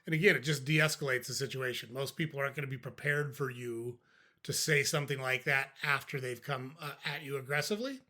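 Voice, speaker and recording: Older male podcast host, bright, forceful tone, dry and matter-of-fact, casual advice delivery. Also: mid-range voice, fairly even intonation, brisk. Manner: conversational, dry, acts out sample replies.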